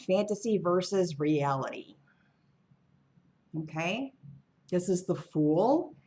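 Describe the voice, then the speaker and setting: A woman reading tarot cards alone on her channel, musing in a wandering, offhand way. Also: lowish voice. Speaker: tarot reader. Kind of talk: casual tarot reading monologue.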